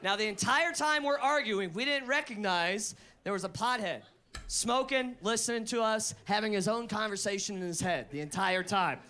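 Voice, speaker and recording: A man performing a stand-up comedy set live on stage, loud and profane, jumping into shouted voices for the people in his story. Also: high voice, moderate pace. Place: live comedy venue with audience laughter.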